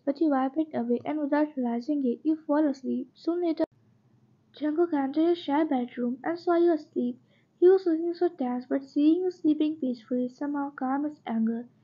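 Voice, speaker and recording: Woman narrator reading fan fiction in a steady tone; high voice, dull lo-fi recording. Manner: plain, steady reading in second person.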